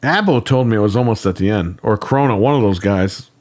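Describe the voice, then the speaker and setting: A man's voice: lowish voice, fast talker, darkish tone. Blunt, swearing male podcast co-host. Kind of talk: casual livestream chat. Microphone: studio microphone.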